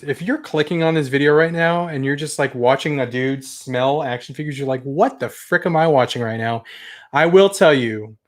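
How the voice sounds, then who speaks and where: A young adult man casually chatting on a toy collecting livestream, rambling and enthusiastic as he reads viewer comments. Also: fairly high pitch. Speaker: toy collector channel host.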